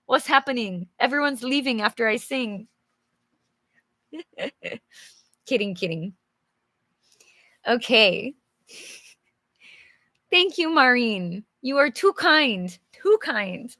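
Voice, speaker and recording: Slow, bright-voiced woman teaching English. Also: a little high, animated, no echo, clean studio sound. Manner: friendly and chatty, asks viewers questions, laughs often. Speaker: English teacher reading a storybook to learners on a live stream. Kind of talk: slow, clear live teaching and read-aloud.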